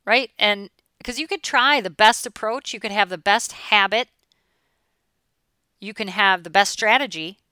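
Woman, forties, mindset coach: blunt and emphatic, casual swearing, bright crisp voice. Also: mid-range voice, measured pace, no echo. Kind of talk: motivational talk.

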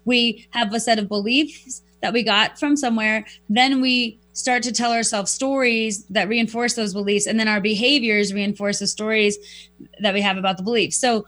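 Animated, higher-voiced woman telling stories. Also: moderate pace. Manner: animated, reflective, acts out quoted dialogue. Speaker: guest, professional speaker. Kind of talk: conversational storytelling.

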